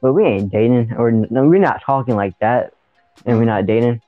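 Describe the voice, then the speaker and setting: A man's voice: mid-range voice, brisk, soft background music. A young man tells a story in rambling, slangy chat, laughing as he goes. His voice sits in the middle range and sounds thin and tinny, like over a phone line. The sound is dry, with no room echo. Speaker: podcast co-host.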